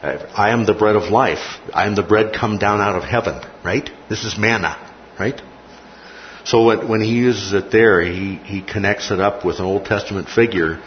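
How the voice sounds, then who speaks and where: Low-voiced male lecturer in a classroom, deliberate, checks in often; dull, slightly noisy recording. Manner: repeats key phrases, checks in with "okay?". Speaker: Bible teacher. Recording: muffled recording with faint noise.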